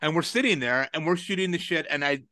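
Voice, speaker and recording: A man's voice: fairly high pitch, quick pace, sharp tone, no echo. A man in casual chat, telling long, profane stories and getting more exasperated as he goes. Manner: rambling, profane storytelling with rising exasperation.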